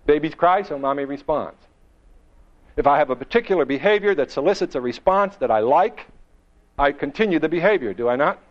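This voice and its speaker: A man giving a motivational seminar to a live audience, emphatic and full of rhetorical questions, slowing and quickening for effect. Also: fairly high pitch, animated. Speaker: motivational speaker. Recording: dull lo-fi recording.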